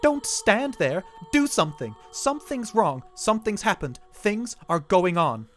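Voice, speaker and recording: A man voicing a frantic middle-aged shopkeeper who shouts and pleads in panic, read over music. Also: medium pitch, lively intonation, unhurried, pitched above the performer's own voice, lightly acted. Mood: frantic shouting.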